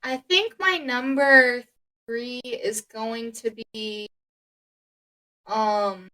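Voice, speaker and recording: A woman's voice: a little high, fairly even intonation, very slow, pushed and bright. A young woman co-hosting a podcast in casual chat, hesitant and joking, with frequent fillers. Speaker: podcast co-host.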